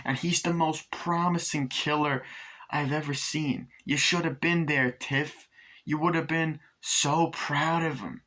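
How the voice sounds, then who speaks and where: A man voicing a foul-mouthed male killer doll who rants and boasts in a raised, higher voice. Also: fairly even intonation, unhurried. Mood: ranting. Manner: ranting, shouty.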